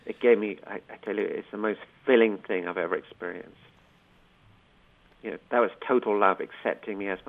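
Middle-aged male guest, earnest and emotional, gravelly low voice heard over a phone line. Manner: earnest, emotional, repeats words for emphasis. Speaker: guest, inspirational coach. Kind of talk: heartfelt storytelling interview.

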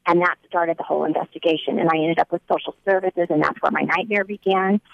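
A woman's voice: lowish voice, fairly even intonation, fast talker, gravelly, no room sound, highs cut off. A woman giving a personal testimony, telling her story earnestly and acting out the dialogue as she recounts it.

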